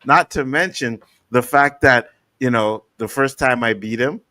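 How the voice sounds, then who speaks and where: Bright-voiced man telling stories casually. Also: mid-range voice, a little slow, no echo. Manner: animated storytelling, acts out quotes. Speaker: podcast co-host. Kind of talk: casual chat.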